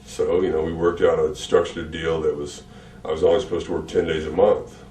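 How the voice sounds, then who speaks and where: A middle-aged man in a candid sit-down interview, speaking in a relaxed, rambling way with many fillers and repeated words. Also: extremely low pitch, a little fast. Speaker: interview guest, retired wrestler. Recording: roomy echo, distant mic, faint hum.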